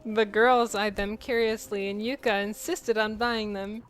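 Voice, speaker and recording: A woman's voice: mid-range voice, flat delivery, unhurried, low-quality recording. A woman co-hosting a gameplay video, reading fan fiction aloud in a casual, giggly way that keeps breaking into laughter. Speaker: co-host of gameplay channel.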